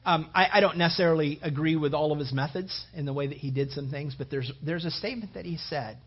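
Man, pastor, sermon, high voice, emphatic preaching, muffled lo-fi recording. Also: quick pace, husky. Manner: builds to loud, emphatic preaching.

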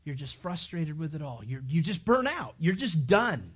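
A pastor preaching a sermon to a congregation in a church, emphatic and animated, speaking straight to the listeners. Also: mid-range voice, moderate pace, slightly rough, muffled recording.

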